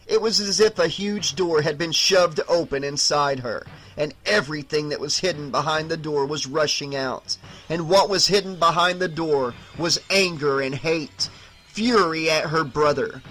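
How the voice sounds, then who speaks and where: Slow, bright-voiced male horror narrator. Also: fairly high pitch, rough recording. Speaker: audiobook narrator.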